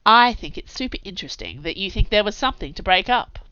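A blunt, unflappable young woman friend teases in a calm, deadpan way, as a woman narrator reads her. The voice is bright and lively in pitch. The audio is dry and slightly dull. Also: quick pace, clear, resonant tone, dry recording.

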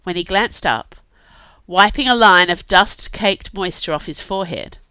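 A woman narrating a gritty story in a brisk, scripted reading, on a dull, dry lo-fi recording. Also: on the low side, lively intonation, sharp tone, clean tone, dry recording. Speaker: audiobook narrator.

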